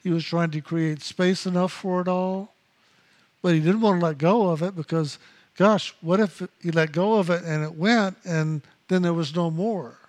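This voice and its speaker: High-voiced man teaching meditation slowly. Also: fairly even intonation, darkish tone. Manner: slow, measured, repeats key phrases. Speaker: spiritual teacher.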